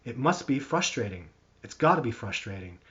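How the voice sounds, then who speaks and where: A man's voice: mid-range voice, brisk. Rambling man on a lo-fi live stream. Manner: rambling, animated storyteller with restarts. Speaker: host answering viewer questions. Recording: dull lo-fi stream audio.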